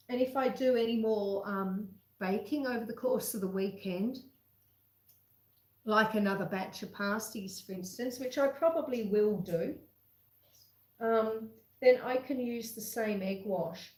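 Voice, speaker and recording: A woman's voice: on the high side, a little mellow, reverberant, poor audio. A woman homesteader chatting casually with viewers of her live cooking stream as she bakes and tidies up in her home kitchen, talking them through each step in a homely way. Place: home kitchen with a wood stove.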